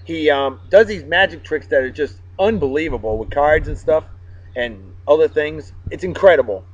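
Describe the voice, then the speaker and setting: A man's voice: a little high, normal speed, husky. Upbeat joking man. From Massachusetts. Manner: upbeat, joking, giving shout-outs. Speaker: vlog host. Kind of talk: casual chat. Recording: dull, dry sound.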